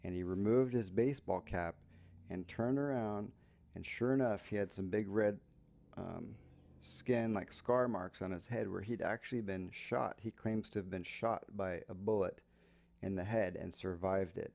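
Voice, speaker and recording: A man's voice: fairly low pitch, moderate pace, gravelly, a little mellow. An American man hosting an English-learning podcast, telling a casual story and stopping to explain slang for learners.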